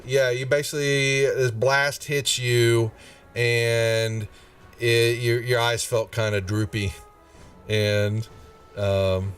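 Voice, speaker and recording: A man's voice: fairly low pitch, a bit bright, distant mic. A man narrating as game master of a tabletop game, thinking aloud and stopping to check rules as he goes.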